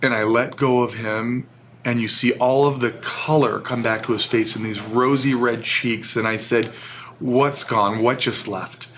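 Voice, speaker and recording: A man's voice: medium pitch, fairly even intonation, moderate pace, fairly bright tone, a little hiss or hum. A man as an interview guest, telling a personal story in an earnest, emotional way. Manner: earnest, emotional, vivid retelling.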